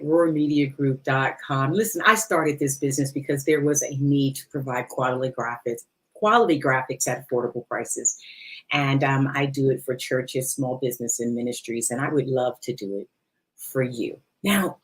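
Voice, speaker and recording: A woman's voice: very deep voice, low-quality recording. A woman hosting a podcast, chatting playfully and laughing often into a headset mic. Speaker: podcast host. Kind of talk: casual chat. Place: studio under lights.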